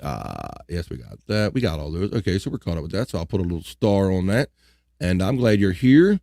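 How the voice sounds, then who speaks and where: A man's voice: deep voice, fairly quick, gravelly, no echo, studio quality. Casual man hosting a livestream. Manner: relaxed, joking asides, reads items aloud. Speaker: livestream host. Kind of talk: casual chat reading on-this-day history.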